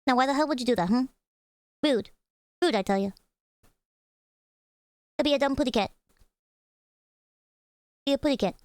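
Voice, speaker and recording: A woman's voice: high-pitched, normal speed, pauses often, darkish tone, dry recording, studio quality. A young woman livestreaming, chatting casually with her viewers, swearing freely and giggling. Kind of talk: casual reaction stream chat.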